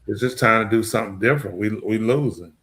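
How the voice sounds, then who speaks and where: A man's voice: on the low side, fast talker, a bit bright, breathy edge. A man hosting a podcast in casual chat, rambling and lamenting, repeating himself in drawling, slangy speech. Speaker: podcast host.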